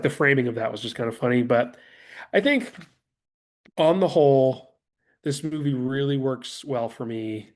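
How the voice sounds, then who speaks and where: A man in a casual film podcast chat, animated, acting out movie lines and swearing casually. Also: medium pitch. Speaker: podcast co-host.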